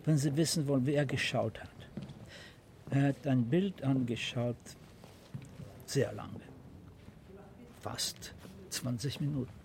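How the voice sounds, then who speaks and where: A man interviewed for a documentary, recalling a memory in halting phrases. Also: medium pitch, vocal fry, background noise.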